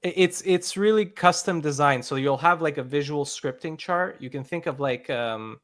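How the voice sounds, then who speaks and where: A game founder answers questions about his game in a live interview, speaking at normal speed in a voice that's a little high and a bit bright. He uses a lot of fillers and keeps restarting his sentences.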